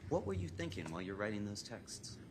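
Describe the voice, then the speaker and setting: A man's voice: lowish voice, big pitch swings, brisk, background noise. Methodical male lawyer questioning in court. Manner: methodical, reads texts aloud then asks for replies. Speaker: defense lawyer.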